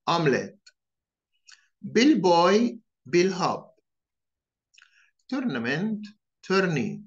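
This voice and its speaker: A man teaching English vocabulary, saying each word slowly and deliberately and repeating it in pairs. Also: on the high side, fairly bright tone, highs cut off. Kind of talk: vocabulary drill lesson.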